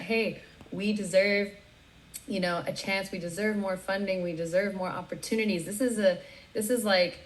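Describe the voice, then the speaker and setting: A woman DJ as a guest in a casual interview, talking in a relaxed, rambling way. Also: medium pitch, poor audio. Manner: relaxed, rambling, lots of you knows and likes.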